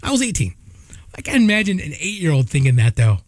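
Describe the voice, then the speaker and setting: Animated high-voiced male radio host. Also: fast, no room sound. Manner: animated storytelling with restarts. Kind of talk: casual radio chat.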